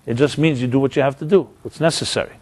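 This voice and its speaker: A man's voice: medium pitch, fast, a little mellow, breathy edge, no room sound. A middle-aged man, a rabbi, giving a Torah lecture, explaining Hebrew terms with rising, emphatic stresses.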